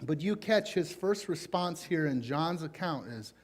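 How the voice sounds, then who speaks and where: A male pastor with a Southern US accent, preaching a conversational sermon in a folksy, informal way with animated emphasis. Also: on the high side, a little slow. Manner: folksy, informal, with frequent fillers.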